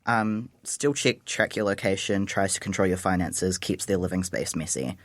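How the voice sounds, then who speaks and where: A young adult man, co-hosting a casual radio chat, talkative and quick to question the quiz answers. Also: low voice, no echo, studio quality. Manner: chatty, questions and talks over quiz answers. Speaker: radio co-host. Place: radio studio.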